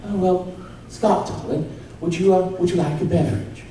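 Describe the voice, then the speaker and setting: A man's voice: high-pitched, fairly even intonation, moderate pace, dark tone, close to an everyday voice. A man voicing a sweet, genteel little old British mother with a prim London accent, talking politely and without a clue. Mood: doting. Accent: London English, put on. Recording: echoey hall from far off, crowd noise.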